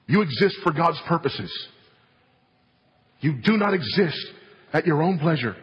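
A man's voice: fairly high pitch, sing-song, slow, pauses often, lo-fi sound. Man preaching emphatically in a reverberant hall. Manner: emphatic, repetitive preaching with falling, solemn stresses. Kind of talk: sermon.

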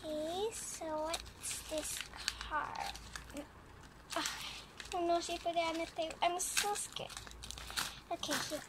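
A young female vlogger opening a gift, excitable and quick to squeal with delight. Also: very high voice. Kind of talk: gift unboxing vlog. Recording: background noise with paper crinkling.

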